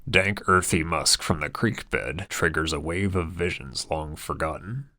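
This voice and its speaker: Deep gravelly guy reading an audiobook, crisp bright tone, dry close mic. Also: measured pace, dry recording. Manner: steady, descriptive storytelling. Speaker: audiobook narrator. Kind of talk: scripted narration.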